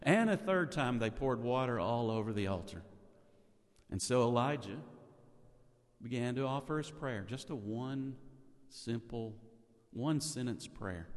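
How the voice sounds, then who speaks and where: A man's voice: medium pitch, a little slow, long pauses, long reverb tail. A man preaching a sermon, retelling a story with rhetorical questions and repeated words.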